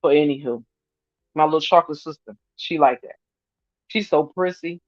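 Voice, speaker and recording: A woman in her fifties chatting casually to her viewers on a livestream, animated and laughing often as she reads their comments. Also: deep voice, dry recording. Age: 50s. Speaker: vlogger reading viewer comments. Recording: dry, slightly muffled lo-fi sound.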